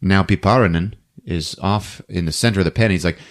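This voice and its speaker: A man hosting a podcast who recaps a movie in a casual, animated storytelling way. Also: low-pitched, fairly quick. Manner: animated storytelling, acting out scenes. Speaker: podcast host.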